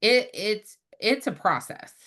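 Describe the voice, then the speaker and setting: A woman podcast host in casual chat, telling stories in an animated, quick way. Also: medium pitch. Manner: animated storyteller, quick, many fillers.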